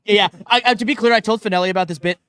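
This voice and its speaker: A man on a panel show telling a long comic anecdote, animated, with quoted asides and laughter. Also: high voice, very fast, clean tone. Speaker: panel guest. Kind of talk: casual storytelling on a live panel show.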